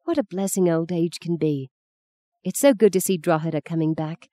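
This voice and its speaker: Blunt, ironic old mother voiced by a woman narrator, knowing and pointed; dark, dry tone. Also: on the low side, moderate pace, no echo, lightly acted. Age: older.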